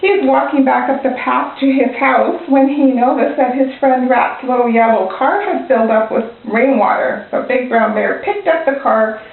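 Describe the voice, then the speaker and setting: A woman's voice: high-pitched, normal speed, vocal fry, hardly any pauses, far from the mic. Young woman reading a picture book aloud. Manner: gentle, pointing out the pictures. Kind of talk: storybook read-aloud. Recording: tinny, very echoey room.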